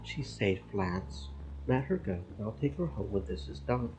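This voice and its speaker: A man voicing a sly, smooth-talking local man who stays calm and wry. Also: on the low side, a little slow, a little hiss or hum, low-quality recording. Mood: easy.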